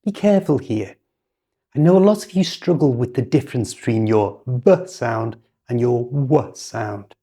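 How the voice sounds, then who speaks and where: British woman, English teacher; patient, unhurried delivery, soft warm tone. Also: very deep voice, lively intonation, husky. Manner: patient, instructive, over-articulated examples. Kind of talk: slow, clear teaching with model sentences.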